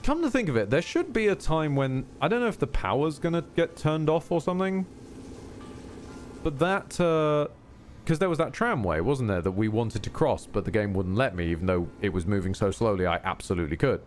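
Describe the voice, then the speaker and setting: A man's voice: mid-range voice, sing-song, fairly quick, slight background noise. A man streaming a video game, chatting casually with rambling asides and frequent self-corrections. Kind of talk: casual live gameplay commentary.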